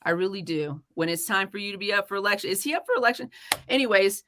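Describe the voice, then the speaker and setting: A woman's voice: mid-range voice, lively intonation, quick pace, fairly bright tone, slight background noise. A woman hosting a live-streamed talk show, talking in a heated, swearing rant before turning to her guest. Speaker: podcast host.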